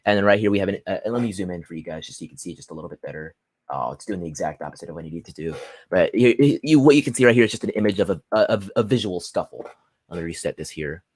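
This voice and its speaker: A young man hosting a solo political livestream, swinging from loud angry rants to low muttered asides as he reads articles aloud. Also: animated, rapid-fire, husky, dry recording, clean studio sound. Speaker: livestream host. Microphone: phone or computer mic at a desk.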